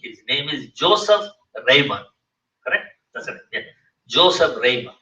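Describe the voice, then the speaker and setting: An older man from Sri Lanka tells a personal story in an earnest guest talk, acting out the voices of its people. His tone is very bright and sharp. The sound is roomy and distant, picked up across a hall. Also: medium pitch, animated, moderate pace. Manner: earnest, acts out quoted dialogue. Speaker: guest speaker. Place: community center hall. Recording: roomy, distant, dull-toned hall recording.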